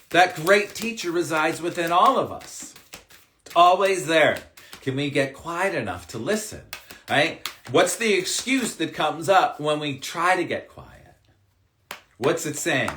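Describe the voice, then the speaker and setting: Upbeat man giving a bright pep talk. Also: fairly high pitch, slight background noise. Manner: upbeat, emphatic, swears casually. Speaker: spiritual coach. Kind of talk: live-stream card reading and pep talk.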